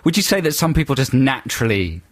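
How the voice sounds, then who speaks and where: Male radio co-host, comedic, giggly, lively pitch, dry sound. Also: fast, no room sound. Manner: joking, giggly, mock-serious. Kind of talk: casual comedic radio chat.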